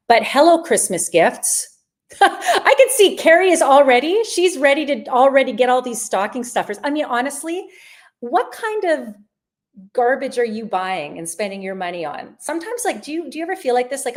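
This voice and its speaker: A middle-aged woman with a slightly high voice hosts a live shopping stream. She chats in an upbeat, rambling way as she pitches travel deals and answers viewer questions. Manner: chatty and upbeat, with frequent restarts. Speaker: livestream sale host.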